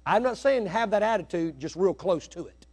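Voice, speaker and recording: A middle-aged man preaching a sermon in church, swinging from hushed asides to loud, rising exhortation. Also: high-pitched, lively intonation, normal speed. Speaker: pastor. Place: church sanctuary.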